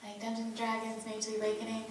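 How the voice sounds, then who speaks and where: A woman voice actress explaining her craft on a convention panel, lively. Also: fairly high pitch, fast, background noise. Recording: echoey hall from far off.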